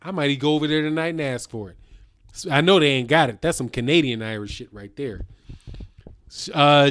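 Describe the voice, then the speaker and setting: A man's voice: mid-range voice, normal speed. A man hosting a casual live stream, talking loosely in slang, reading out viewer comments and a little tipsy from whiskey.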